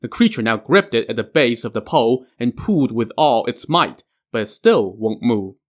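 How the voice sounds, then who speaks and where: A man's voice: mid-range voice, animated, moderate pace. A man hosting a podcast, retelling a legend with casual asides. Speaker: podcast host. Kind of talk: storytelling narration.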